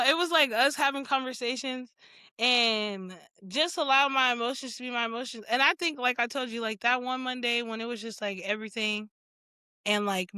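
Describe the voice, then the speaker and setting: High, bright-voiced woman podcast host. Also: smooth, no echo. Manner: laughs often, acts out her own reactions in quotes. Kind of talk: casual chat.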